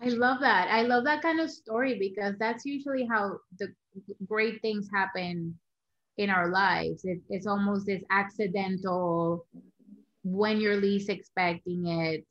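A woman's voice: medium pitch, steady tone, a little slow, fairly bright tone. A woman hosting a podcast, responding to her guest in a reflective, affirming way. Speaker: podcast host. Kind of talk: casual interview chat. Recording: dull lo-fi sound.

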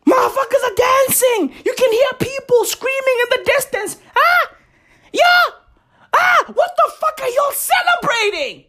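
A man, ranting loudly and mockingly, swearing and laughing as he talks. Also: very high voice, lively intonation, normal speed, few pauses. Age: 20s. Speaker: comedic ranter. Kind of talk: profane comedic rant. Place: outdoors in a lively neighborhood.

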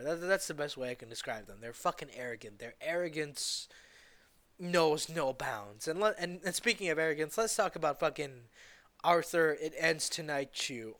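Brief: man on the higher side, furious vlogger rant, stumbles and restarts constantly. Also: a bit bright. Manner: heated, repetitive, stumbling restarts, bitter laughs. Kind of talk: angry profane rant.

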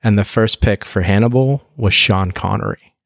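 Low-voiced eager male podcast host. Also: moderate pace, creaky, dry recording, studio quality. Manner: eager, chatty. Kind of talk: casual chat.

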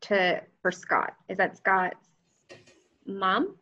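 A woman co-hosting a casual chat who gets excited easily and laughs often. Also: medium pitch, very slow. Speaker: podcast co-host. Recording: slightly dull, lo-fi sound.

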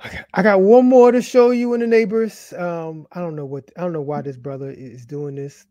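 A man's voice: high-pitched, fairly even intonation, a little fast, mellow, no room sound, lo-fi sound. A man co-hosting a casual show, telling stories about church videos in an amused way and laughing often. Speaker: co-host.

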